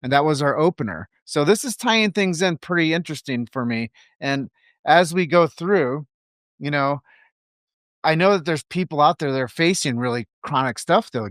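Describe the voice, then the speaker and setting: A man's voice: medium pitch, fairly bright tone, dry recording, studio quality. A man hosting a podcast in casual conversation, making emphatic points and putting questions to his guest. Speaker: podcast host.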